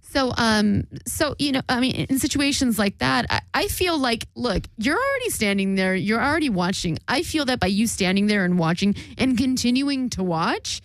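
A woman's voice: a little high, big pitch swings, moderate pace, dry recording. A woman in casual chat, giving firm opinions with emphasis and frequent swearing.

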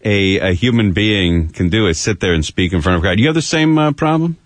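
A man talks on the radio, loose and joking, needling his co-host between calls. His voice sits low but swings a lot in pitch, and the studio sound is dry and close. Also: expressive, a little fast, no room sound. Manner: joking, teasing, loose and chatty. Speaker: radio talk show host. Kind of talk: casual radio chat. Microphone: studio microphone.

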